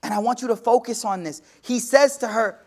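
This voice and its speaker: A man giving a sermon-style lecture as an Islamic teacher, swinging from hushed to loud, with slangy asides and rapid Arabic recitation. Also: very high-pitched. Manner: slangy, addresses audience directly.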